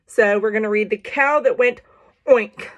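A woman's voice: fairly high pitch, fairly quick. A woman casually reading a children's picture book aloud, playful, with jokey asides and animal noises.

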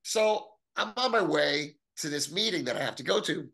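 Middle-aged man, gravelly and bright, animated storyteller who voices the people in his tale. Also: normal speed. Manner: animated, acts out quoted voices with big pitch jumps. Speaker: guest telling his story. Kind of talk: storytelling in an interview.

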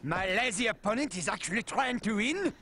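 A man's voice: high-pitched, lively intonation, a little fast. A man playing a pompous, scheming Napoleon with a French accent in a video game. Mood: gloating. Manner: theatrical, gloating, mocking.

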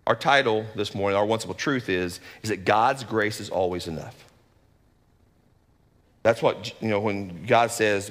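A man, a lead pastor, giving a conversational sermon in an animated, folksy way with joking asides. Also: fairly low pitch, a little fast, in a large hall.

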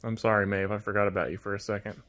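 A man in a casual home vlog, talking gently to his pet birds and to viewers. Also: on the low side, little pitch movement, racing. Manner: gentle, soft-spoken, cooing to birds. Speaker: vlogger, toucan keeper.

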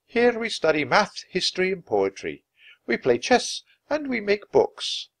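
An earnest monk, as a man puts him on while reading aloud proudly guides visitors in a raised, lively voice. He sounds warm and welcoming, with a singsong rise and fall in his speech. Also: sits high, unhurried, voice pushed up, heavily acted.

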